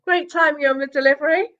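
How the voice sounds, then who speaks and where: A woman hosting a live chat stream, upbeat and quick to laugh. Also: very high-pitched, bright, forceful tone, dull audio. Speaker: host.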